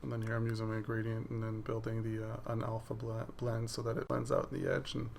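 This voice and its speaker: A man with a gravelly, creaky voice talks casually over a recording of his digital painting, walking through each step as it happens. A faint hiss sits under his voice. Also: lowish voice, completely flat delivery, quick pace, a little mellow. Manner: explains each step as the work plays on screen. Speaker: digital artist. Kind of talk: casual voice-over of a drawing process video.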